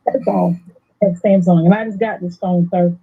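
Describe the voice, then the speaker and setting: A woman's voice: lowish voice, fairly even intonation, normal speed, husky. A woman joining a show by phone, chatting casually and apologetically. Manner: apologetic, eager. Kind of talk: casual chat. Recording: muffled phone-call audio.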